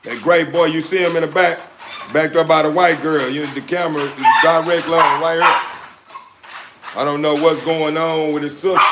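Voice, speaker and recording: A man casually chatting on a live stream while he handles his dogs, speaking in a laid-back drawl, repeating phrases and now and then hollering sharply at them. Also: fairly high pitch. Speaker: dog breeder. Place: indoors with dogs around. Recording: echoey room with faint noise.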